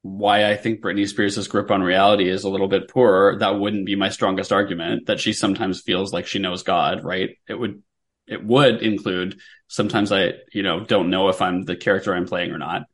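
A man's voice: sits low, fairly even intonation, normal speed. A man co-hosting a podcast, talking about a book in a wry, rambling way and swearing casually. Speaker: podcast co-host.

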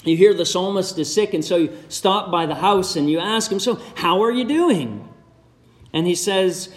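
A man delivers a sermon in a fairly high voice. He speaks in a measured way and turns often to the congregation with direct questions. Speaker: preacher.

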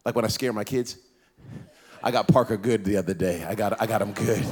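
A man preaching a sermon, animated and playful, acting out voices of Bible figures and teasing the congregation. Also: on the low side, a little fast, breathy edge. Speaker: pastor. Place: church.

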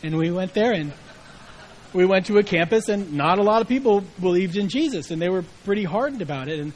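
A man's voice: high-pitched, lively intonation, brisk, rough recording. A middle-aged man preaching a sermon in a conversational way, acting out the quoted voices with inflection. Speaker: pastor.

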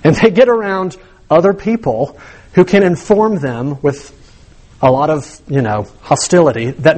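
High-voiced young male preacher, conversational. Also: expressive, moderate pace, a little mellow. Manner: conversational, self-deprecating, chuckles through stories. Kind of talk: sermon.

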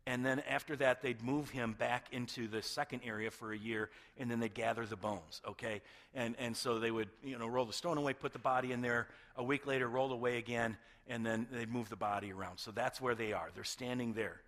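A man's voice: medium pitch, steady tone, brisk, a bit bright, long reverb tail. A man preaching a sermon as pastor, talking conversationally and often checking in with his listeners. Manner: conversational, checks in with "okay?" and "right?".

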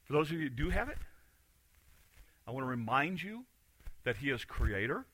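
A male pastor preaching a sermon in a church, animated, acting out the voices he quotes and swinging from quiet to loud. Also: medium pitch, normal speed. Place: church sanctuary.

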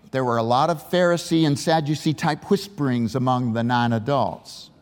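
A male pastor with a mid-range voice speaks at a normal speed, preaching a sermon and telling a story while putting emphatic questions to his congregation. He is in a large church sanctuary, and the recording has the reverberation of a church hall.

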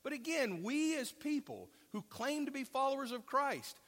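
A man's voice: extremely high pitch, expressive, normal speed, a bit bright. A man preaching a sermon in a conversational way, asking the congregation questions and adding offhand asides. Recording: long reverb of a large hall.

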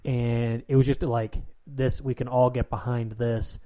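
Mellow-voiced rambling American man. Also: medium pitch, little pitch movement, unhurried. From United States. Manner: rambling, many ums and restarts. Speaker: podcast co-host. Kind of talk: casual chat.

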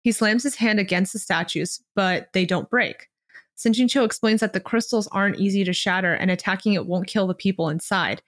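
A young woman co-hosting a podcast, retelling a story in an animated way and adding playful asides. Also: medium pitch, a little fast. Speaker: podcast co-host. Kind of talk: reading a chapter summary aloud, casual asides.

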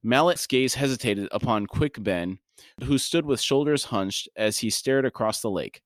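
Guy reading a novel aloud on a podcast then chatting about it, dead dry sound, mid pitch. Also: animated, normal speed, no room sound. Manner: reads narration, then breaks off into chatty asides. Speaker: podcast co-host and reader.

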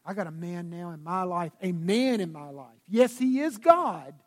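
A man preaching a sermon as pastor, swinging between loud bursts and hushed, intimate tones. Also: high voice, lively intonation, moderate pace. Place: church sanctuary. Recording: long reverb of a church hall.

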